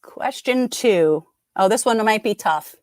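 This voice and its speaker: This is a middle-aged woman with an expressive, medium-pitched, slightly mellow voice, speaking slowly. She hosts a live trivia game with casual, upbeat chatter and frequent mid-sentence breaks, recorded at studio quality with no echo.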